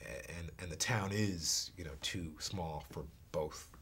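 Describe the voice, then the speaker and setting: A man, an actor, telling a story in an interview, halting and repeating words, sometimes dropping to a hush. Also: low-pitched, slight background noise.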